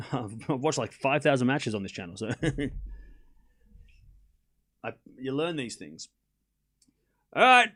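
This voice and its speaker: A man's voice: medium pitch, sing-song, slow, long pauses, pushed and bright. A young man hosting a live tennis watchalong, calling points and chatting casually with viewers. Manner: casual, chatty, answers chat questions between points. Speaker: host.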